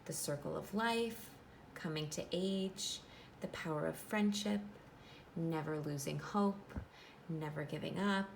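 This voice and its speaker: With a deep voice, a woman teacher gives her class a clear, instructive storybook reading, breaking off to explain. A little hiss or hum can be heard.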